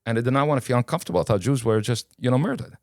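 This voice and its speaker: Racing along in a mid-range voice, a Kuwaiti man whose native language is Arabic recounts his own story on a podcast. He stays casual and animated, acting out what people said. The recording is clean studio sound with no echo.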